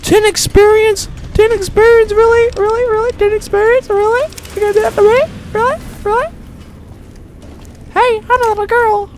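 A squealing little-girl voice, as a man puts it on, pitched way up in a thin falsetto. It whines and repeats itself in a silly, mocking way. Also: little pitch movement, moderate pace, noisy background. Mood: whiny. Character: shrill mock little girl, whiny and silly.

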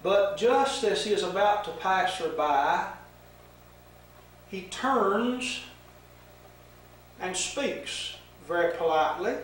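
Older man slowly telling a Bible story. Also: high-pitched, lively intonation, a little hiss or hum. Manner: slow, folksy storytelling with fillers. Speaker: Bible teacher. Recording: echoey room, mic far off.

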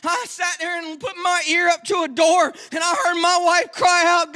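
A man preaching a sermon in a church as a guest speaker, with impassioned passages that swell into shouts and quieter, quick joking asides. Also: extremely high pitch, level tone.

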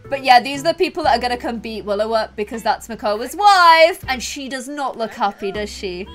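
A woman's voice: on the high side, lively intonation, brisk, faint music behind. A woman giving playful, dramatic commentary over a video game and often breaking into laughter. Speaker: gaming video host.

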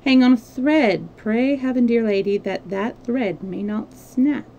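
A woman reading the lines of a sly, sarcastic French male agent in a smooth, mocking voice. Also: fairly high pitch, unhurried, muffled recording. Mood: sardonic. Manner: smooth, mocking, quietly menacing.

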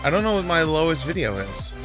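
A man's voice: a little high, big pitch swings, fast talker, over music. A man chatting casually while streaming a game live, offhand and swearing at the game now and then.

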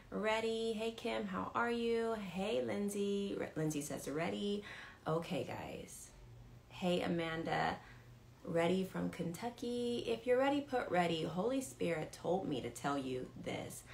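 A woman hosting a casual faith livestream, greeting viewers by name and telling a story in a chatty, excitable way. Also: on the low side, vocal fry, slight background noise. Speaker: livestream host and ministry leader.

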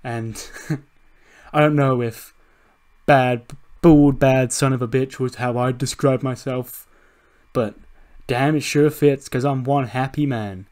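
A man's voice: mid-range voice, extremely slow, pauses often. A man doing a whooping, ecstatic wrestler on the mic. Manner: whooping, shouting, over-the-top. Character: boisterous, gleeful male wrestler holding the mic.

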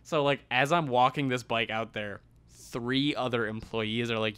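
A man's voice: medium pitch, fairly even intonation, normal speed, a bit bright, smooth. A man on a podcast telling a long story in a loose, casual, profane way. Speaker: podcast co-host.

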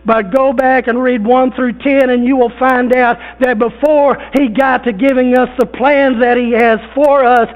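A man preaching a sermon as pastor, in a folksy, conversational way with repeated phrases and fillers, recorded in a church. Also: very high-pitched. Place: church sanctuary. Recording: thin phone-like sound.

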